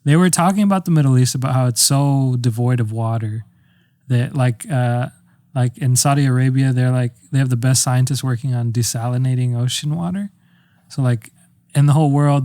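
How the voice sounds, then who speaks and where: A man's voice: mid-range voice, fairly quick, gravelly, warm tone, no room sound, studio quality. A young man co-hosting a podcast, rambling and dryly teasing in casual comedic chat. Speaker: podcast co-host.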